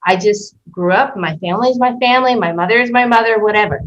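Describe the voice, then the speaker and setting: A woman hosting a podcast, telling a personal story in an animated way and acting out the voices in it. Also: mid-range voice, quick pace, slight background noise. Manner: animated, acts out quoted dialogue. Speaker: podcast host. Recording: muffled lo-fi recording.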